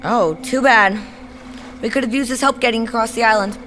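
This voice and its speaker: A woman's voice: fairly high pitch, fairly quick, fairly bright tone, slight background noise, natural voice. A performer voicing a determined, anxious young boy in an audio drama, talking earnestly. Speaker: lead character. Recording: score music under the voice.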